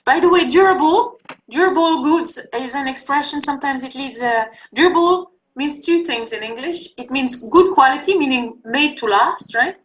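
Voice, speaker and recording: A woman teaching a class on sales, talking loosely and often pausing with fillers as she explains. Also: high voice, low-quality recording. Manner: conversational, searching for words with many fillers. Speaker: instructor. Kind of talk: online class lecture.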